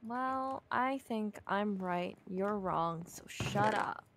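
A woman's voice: medium pitch, slow pace. A woman from Canada co-streaming a block-building game, chatting in a playful, teasing way. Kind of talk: casual gaming chat. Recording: noisy stream audio.

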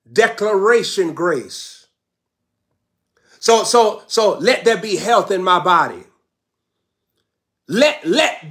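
A man's voice: high-pitched, fairly bright tone. A man preaching a fervent sermon with repeated declarations, breaking into tongues.

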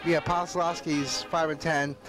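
A man's voice: fairly high pitch, level tone, measured pace, over music. A man hosting a casual on-location talk show, talking in a folksy, rambling way. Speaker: host.

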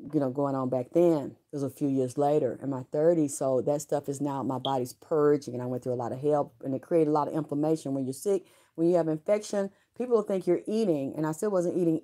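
A middle-aged woman with a notably low, deep voice talks straight to her viewers. Her storytelling is candid and loose, wandering from point to point with blunt, salty words. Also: mellow. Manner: frank, rambling, salty, with profanity. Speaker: vlogger.

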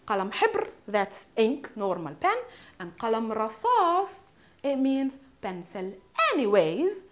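A native Arabic-speaking woman with a Palestinian accent teaches vocabulary in a relaxed, chatty way. Her voice sits fairly high and moves with lively, animated swings of pitch. She repeats each word slowly and checks in often with a questioning "hmm?". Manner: shows objects while naming them. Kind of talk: casual vocabulary lesson.

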